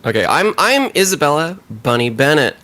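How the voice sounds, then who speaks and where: Playful woman with a lively voice. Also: sits low, normal speed. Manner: stumbling, playful. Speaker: podcast co-host and band member. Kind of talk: casual chat.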